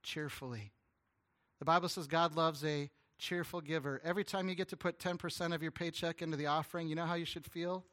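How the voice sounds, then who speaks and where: A man delivers a storytelling sermon in a bright, forceful voice that sits a little high for a man. He speaks earnestly and stumbles over repeated words now and then. His delivery turns hushed and tender at the emotional points. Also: brisk. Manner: earnest, animated storytelling with stammered restarts. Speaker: guest pastor.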